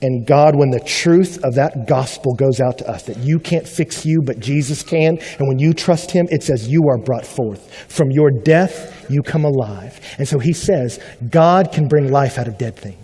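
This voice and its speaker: A man preaching a sermon, telling a story that swings between loud animated bursts and hushed quiet stretches. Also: medium pitch, normal speed, few pauses, husky. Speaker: pastor. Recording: long hall reverb.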